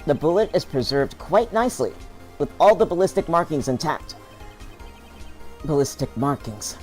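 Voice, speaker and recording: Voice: medium pitch, big pitch swings, normal speed, a little mellow, faint music behind, close to an everyday voice. A streamer voicing an earnest young male defense lawyer while reading a video game's text aloud, in a near-plain voice. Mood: pressing.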